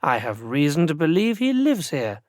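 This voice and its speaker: A man's voice: on the high side, big pitch swings, normal speed, no room sound, clean studio sound. A man doing a cool, commanding woman investigator. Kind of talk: audiobook character voice.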